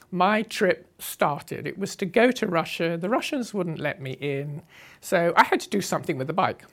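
A woman's voice: on the low side, lively intonation, a little slow. An older woman, recounting her travels in a chatty, unscripted way, with restarts and wry humour. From England. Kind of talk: unscripted storytelling.

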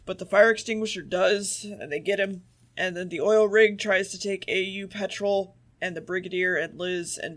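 A man's voice: high voice, a bit bright. A man co-hosting a podcast, casually recapping an episode, swearing freely and acting out the characters' lines. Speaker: podcast co-host.

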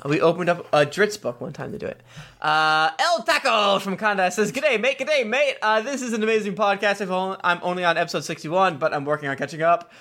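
A man's voice: high voice, quick pace, pushed and bright. A man co-hosting a podcast, reading listener reviews aloud with jokey asides and stumbles. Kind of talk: casual chat.

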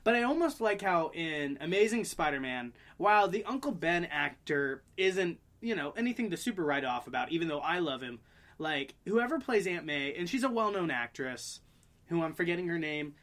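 A woman co-hosting a casual podcast, recapping a movie and slipping into quick character impressions as she laughs along. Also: fairly low pitch, lively intonation. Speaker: podcast co-host.

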